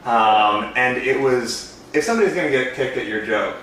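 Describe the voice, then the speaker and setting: A man's voice: mid-range voice, expressive, moderate pace, a bit bright. A man co-hosting a podcast, telling casual, self-deprecating stories about his work as an entertainer. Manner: easygoing, self-deprecating anecdotes. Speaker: podcast co-host, balloon entertainer. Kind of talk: casual storytelling chat. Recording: very echoey room, distant mic, faint noise.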